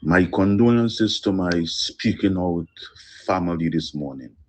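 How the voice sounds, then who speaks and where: A man leaving a phone voice note of condolence, slow, heavy and earnest, with pauses. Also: low voice. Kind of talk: emotional condolence message.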